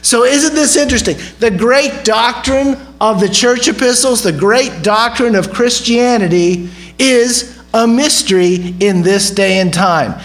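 A man's voice: very high-pitched, fairly bright tone, rough recording. A man preaching a sermon in a conversational way, often asking the audience questions. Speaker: pastor.

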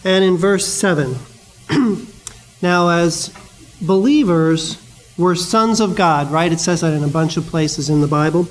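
A man with a notably high voice preaches a sermon. He talks in a loose, conversational way, slipping into stories and quick asides between scripture readings. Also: poor audio.

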